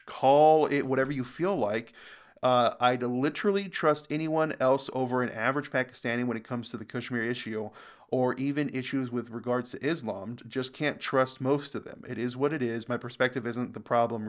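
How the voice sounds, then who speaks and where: A man's voice: medium pitch, moderate pace. Casual American man reacting aloud. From United States. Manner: thinking aloud, reading comments, fillers. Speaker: reaction channel host.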